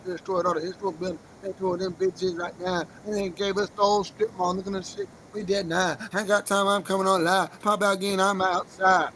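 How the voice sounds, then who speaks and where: A man's voice: high voice, little pitch movement, a little fast, few pauses, fairly bright tone, a little hiss or hum, poor audio. A man livestreaming, half-rapping and half-ranting in an agitated, profane, defiant freestyle. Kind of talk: freestyle rap and rant on a livestream.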